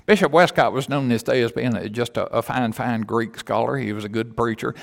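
A man's voice: medium pitch, brisk, vocal fry, long reverb tail. A man preaching a sermon in a church as pastor, telling stories and then building to emphatic, repeated declarations.

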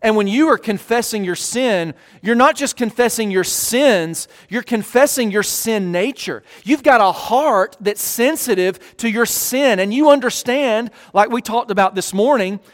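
A man's voice: high voice, long reverb tail. A man preaching as a pastor, earnest, with emphatic rising peaks and frequent restarts. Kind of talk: sermon. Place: church.

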